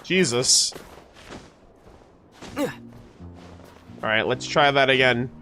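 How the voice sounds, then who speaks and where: A man streaming a game, reacting and joking excitedly with his chat as he plays. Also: medium pitch, extremely slow. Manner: excitable, jokey, talks to chat. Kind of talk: casual gameplay reaction commentary. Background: faint game music.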